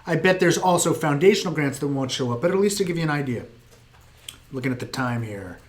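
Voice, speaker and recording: A middle-aged American man hosting a live viewer Q&A, telling stories in an animated, self-mocking way. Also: fairly high pitch, a little fast. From United States. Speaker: host answering viewer questions. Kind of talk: live Q&A chat.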